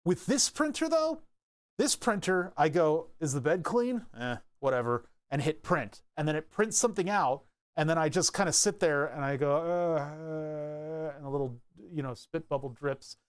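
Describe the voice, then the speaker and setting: On his workbench stream, a young maker in a higher, lively voice chats at normal speed while tinkering, rambling along and laughing at his own expense. There's no echo.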